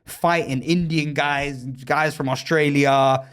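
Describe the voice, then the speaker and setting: Young guy on a podcast, kinda high voice, laughing and cursing through a story. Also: slow, clean tone. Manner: animated, laughing, swearing a lot, rambling restarts. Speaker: podcast host. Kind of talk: casual storytelling chat.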